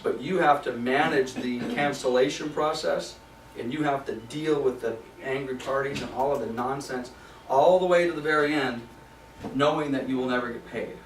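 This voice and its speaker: A man's voice: medium pitch, moderate pace, slight background noise. A man leading a property management training class in a conversational way, repeating key points for emphasis. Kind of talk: recorded training class for agents. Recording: echoey room from a distance.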